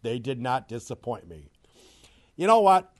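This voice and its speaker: A middle-aged man ranting about sports as a commentator, mocking and loud, swinging from low grumbles to shouted outbursts. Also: sing-song, measured pace. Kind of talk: opinionated sports rant.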